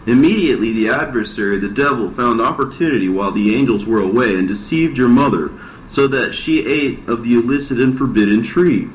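A man reading an old religious text aloud as scripted narration, plain and steady, in a roomy, dull recording. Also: medium pitch, a little fast, slight background noise. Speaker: reader.

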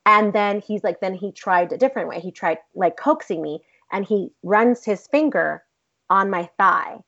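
A woman tells a story as an interview guest in a blunt, profane, animated way. Her speech is casual and energetic with a middling pitch. The recording is dull and lo-fi. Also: moderate pace, creaky.

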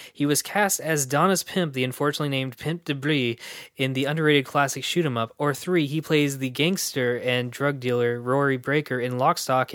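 A man's voice: medium pitch, fairly bright tone, dry recording, studio quality. A man hosting a podcast trivia quiz, reading questions in a playful, wry way.

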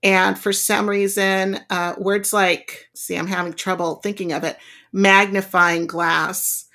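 A woman's voice: mid-range voice, little pitch movement, slow pace, pushed and bright. A woman whose first language is Spanish, chatting as an interview guest and telling rambling stories. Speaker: guest, jeweler. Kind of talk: casual conversational interview.

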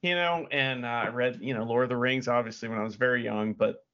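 A man's voice: medium pitch, fairly even intonation, quick pace, a bit bright, dull audio. A man co-hosting a podcast in casual chat, teasing his partner with playful mock outrage. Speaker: podcast co-host.

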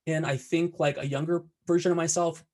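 A man's voice: fairly high pitch, little pitch movement, brisk, a little mellow. A young adult man chatting thoughtfully on a podcast, filling his sentences with "like". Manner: thoughtful, filler-heavy. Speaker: podcast co-host. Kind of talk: casual podcast chat.

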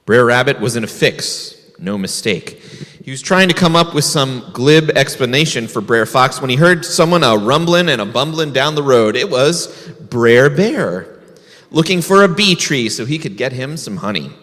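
A man's voice: medium pitch, lively intonation, normal speed, fairly bright tone, in a large hall. A man, a rabbi, telling a folk tale to children in a folksy way, asking the kids questions. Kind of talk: storytelling to children.

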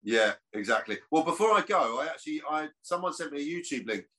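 A man's voice: a little high, expressive, quick pace, sharp tone. A man, an actor chatting as a podcast guest, rambling with restarts. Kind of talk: casual podcast chat.

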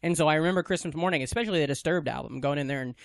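Fast-talking high-voiced joking man. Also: gravelly, dry recording, clean studio sound. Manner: profane, joking, laughs often. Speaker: podcast co-host. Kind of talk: casual banter. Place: apartment in New York.

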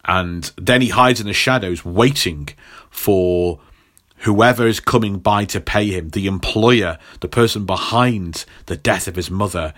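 Low-voiced man recapping a plot comically. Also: fairly bright tone. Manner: rambling, playful, many ums.

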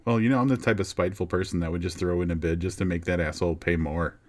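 Male podcast co-host, lowish voice, laid-back and foul-mouthed. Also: fairly even intonation, fast talker, a little mellow, slight background noise. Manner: casual, profane, chatty. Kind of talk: casual podcast chat.

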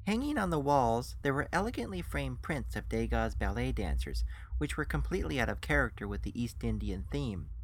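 A man narrating a story in the first person in a dry storytelling manner. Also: mid-range voice. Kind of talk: scripted audiobook narration.

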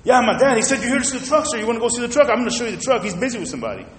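A man's voice: animated, very fast, a little hiss or hum. Man playing a chipper young salesman. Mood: excited. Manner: high, bright and overly cheerful. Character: eager young male car salesman. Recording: echoey hall reverb.

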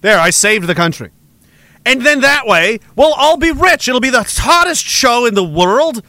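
A man's voice: very high voice, very animated, unhurried, pushed and bright, no room sound. A man from Canada hosting a livestream, ranting sarcastically and with a lot of profanity, reading chat and laughing often. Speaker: livestream host.

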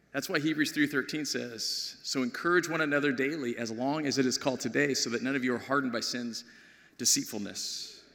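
A middle-aged man preaching a sermon as pastor, with animated storytelling that swings from loud to hushed. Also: medium pitch, vocal fry. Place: large church sanctuary. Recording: long hall reverb.

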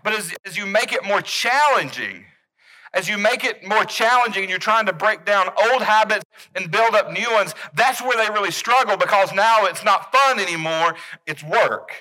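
A man preaching a sermon, animated, swinging between loud emphasis and quiet intensity. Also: high voice, moderate pace, low-quality recording. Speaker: pastor.

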